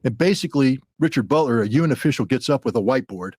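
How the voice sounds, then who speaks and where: A man's voice: medium pitch, lively intonation, fast talker, a little mellow, husky, no room sound, clean studio sound. A man in his sixties, a former weapons inspector and podcast guest, telling a story bluntly and acting out the dialogue. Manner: blunt, vivid retelling with dialogue.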